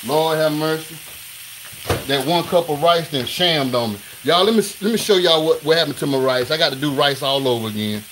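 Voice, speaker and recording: Man, cooking stream host, home kitchen, hurried chatty delivery, slightly high pitch, sizzling pan noise. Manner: hurried, talks straight to viewers, repeats himself. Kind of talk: live cooking stream chat.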